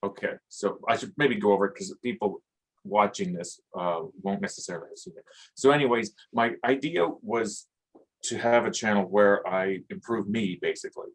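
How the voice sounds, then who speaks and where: A man with a somewhat low voice speaks in a reflective conversation, thinking aloud as he goes. He hesitates often, filling gaps with small sounds before finding his words. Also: normal speed, breathy edge, rough recording. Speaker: podcast host.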